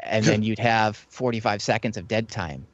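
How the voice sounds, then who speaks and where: A man's voice: fairly low pitch, normal speed, no room sound, highs cut off. A man telling stories about his years as a theme ride tour guide in a casual chat, rambling and acting out the lines he used to say to guests. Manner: rambling storyteller who acts out what he said to guests.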